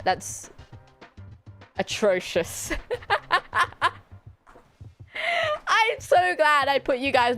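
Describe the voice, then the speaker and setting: A woman's voice: a bit bright, clean tone. A British woman streaming as a VTuber, chatting casually and playfully, laughing and teasing her viewers. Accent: British English. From Britain. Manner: playful, giggly, teasing, often bursting into high squeals. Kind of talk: casual chat.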